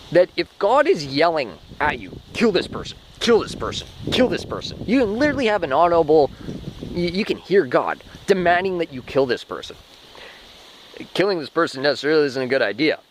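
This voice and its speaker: Man, rambling monologue, animated pitch, slightly high voice, swears casually. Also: a little hiss or hum, low-quality recording. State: short of breath.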